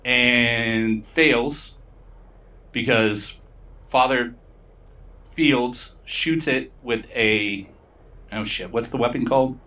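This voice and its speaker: A man's voice: mid-range voice, pushed and bright, far from the mic, dull audio. Rambling, profane man recapping a plot. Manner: profane, rambling retelling with quick put-on voices. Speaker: podcast co-host.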